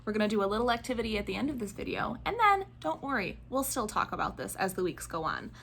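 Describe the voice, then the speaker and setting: Woman, kindergarten teacher, slow and clear, encouraging, mid-pitched voice. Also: big pitch swings, fairly bright tone, a little hiss or hum. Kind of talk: video lesson for young children.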